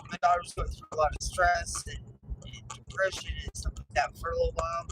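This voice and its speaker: A woman in her fifties, a grandmother, chatting casually about her family's dogs, rambling and halting with many fillers and restarts. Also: on the low side, steady tone. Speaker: grandmother telling family stories. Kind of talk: casual storytelling chat. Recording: noisy with vehicle and background hum.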